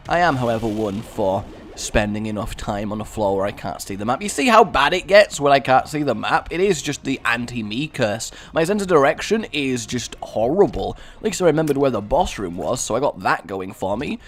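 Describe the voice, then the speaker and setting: A young English man giving chatty, sarcastic let's-play commentary, rambling into asides and breaking into excited yelps. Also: mid-range voice, moderate pace, hardly any pauses. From England. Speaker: gaming YouTuber.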